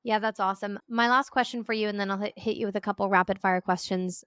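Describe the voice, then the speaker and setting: A woman's voice: medium pitch, fairly even intonation, fast talker, clear, resonant tone, no echo, clean studio sound. A woman hosting a podcast interview, affirming her guest and asking questions in a casual way. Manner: warmly affirming, asks questions. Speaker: podcast host.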